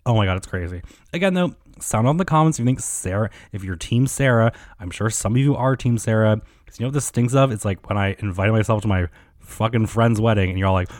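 A man with a lowish voice rants alone on his podcast, profane and sarcastic, and he rambles through his fillers. The recording is dry and close. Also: quick pace, a little mellow, no echo. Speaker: podcast host. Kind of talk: casual solo rant.

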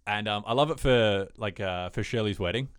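A man co-hosting a podcast, chatting casually about TV shows and acting out scenes in quick put-on voices. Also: lowish voice, a little hiss or hum. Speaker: podcast co-host.

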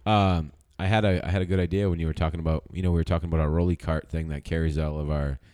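Deep-voiced man in loose podcast banter. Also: steady tone, rapid-fire, darkish tone, no room sound, studio quality. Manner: profane, laughing, storytelling banter. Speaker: podcast co-host. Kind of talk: casual chat.

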